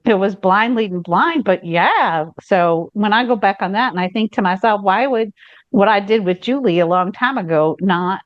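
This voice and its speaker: A woman's voice: mid-range voice, expressive, moderate pace, no echo, lo-fi sound. A woman co-hosting a podcast, telling stories in a frank, explicit casual chat with many restarts. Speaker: podcast co-host. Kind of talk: candid casual chat, storytelling.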